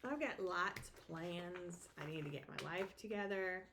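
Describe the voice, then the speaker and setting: A woman's voice: on the low side, measured pace, background noise. A woman co-hosting a casual stitching chat, playful and often searching for words. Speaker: flosstube co-host.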